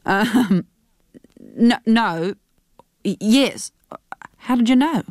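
Woman reader as stammering evasive son, lively delivery, radio storybook. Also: on the high side, drawn-out words, dry recording, studio quality, exaggerated voice. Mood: flustered. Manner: stammering, hesitant. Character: evasive, flustered young adult son. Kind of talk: radio reading of a novel.

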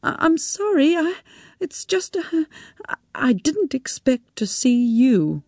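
A woman's voice: big pitch swings, slow pace, darkish tone, no room sound, clean studio sound, full character voice. A woman voicing a distraught middle-aged woman who stammers and trembles as she speaks. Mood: anxious. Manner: stammering, breathless, high and shaky.

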